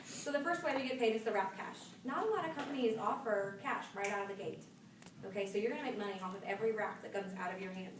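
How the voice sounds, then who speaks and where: A woman's voice: mid-range voice, fast talker. A woman giving a live sales training talk, chatty and upbeat, telling stories from her own work. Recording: echoey room from far off with noise.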